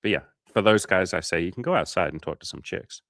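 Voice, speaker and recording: A low-voiced Australian man talks loosely through a coaching livestream. His speech is casual and full of swearing, and he slips into short acted-out scenes. The sound is close and dry. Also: expressive, fast talker, a bit bright, dry recording. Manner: casual, swears often, acts out little scenes. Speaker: dating coach.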